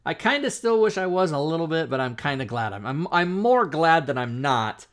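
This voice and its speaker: A middle-aged man hosting a talk show, telling an animated, profane anecdote in casual chat. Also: fairly high pitch, normal speed.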